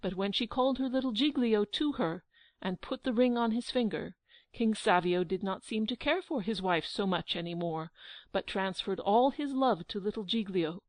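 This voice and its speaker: A woman narrating a children's audiobook in a lively storytelling manner. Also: medium pitch, normal speed, dry recording. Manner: lively storytelling, acting out the quotes.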